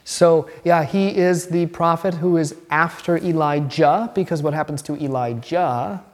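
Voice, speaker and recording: Male catechism teacher, lively and chatty, quizzing the class, in a reverberant room. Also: on the high side, unhurried. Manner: animated, chatty, asks the class questions and laughs. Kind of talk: bible class lesson.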